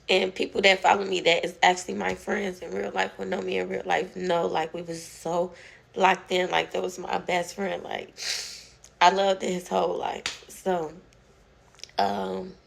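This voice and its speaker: A young woman telling a personal story to her followers in a casual, emotional way, halting often and full of fillers and restarts. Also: fairly low pitch, creaky, fairly bright tone. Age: young adult. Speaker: TikTok storyteller.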